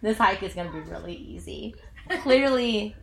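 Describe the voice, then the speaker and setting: Animated woman preaching in an echoey room. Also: medium pitch, normal speed, creaky. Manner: animated, self-mocking storyteller with lots of "like". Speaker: pastor. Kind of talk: sermon with personal storytelling.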